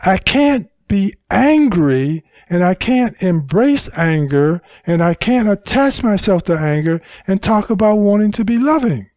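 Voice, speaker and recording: A man teaching a Buddhist dharma talk at a retreat center, unhurried and emphatic, repeating phrases to drive points home. His pitch swings widely and sits a little high for a man. The sound is dry and close. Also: very animated, darkish tone, dry recording.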